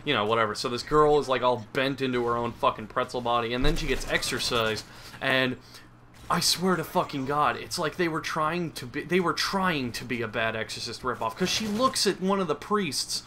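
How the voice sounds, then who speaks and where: A man's voice: medium pitch, moderate pace, bright, forceful tone, slight background noise. A young man giving crude, sarcastic comedic commentary over gameplay, rambling and mocking as he goes. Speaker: gaming commentator.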